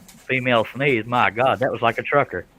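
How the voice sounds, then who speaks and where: A man with a bright, forward voice hosts a casual woodworking live stream. He jokes easily, laughs often and drops in a relaxed "y'all" as he talks with his co-hosts. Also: medium pitch, a little fast, poor audio. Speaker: scroll saw pattern designer hosting a live stream.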